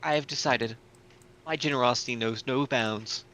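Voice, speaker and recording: A man's voice: medium pitch, normal speed, pushed and bright, a little hiss or hum. A man playing a tabletop game, joking around in a playful way. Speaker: player. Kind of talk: casual tabletop play.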